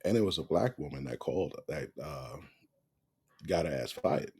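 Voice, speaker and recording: A man's voice: a bass voice, expressive, normal speed, a little mellow, husky. A male reaction commentator talking casually and profanely. His voice rises and falls a lot as he mocks what he is watching. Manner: profane, mocking, breaks into laughing outbursts.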